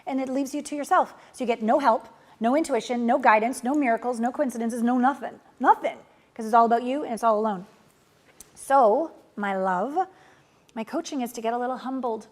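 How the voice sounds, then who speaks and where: A woman with a fairly high voice coaches her students through a course lesson. She talks bluntly and casually, drops the odd swear word, and swings from loud, emphatic pushes to soft, tender stretches. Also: brisk. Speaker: relationship and manifestation coach.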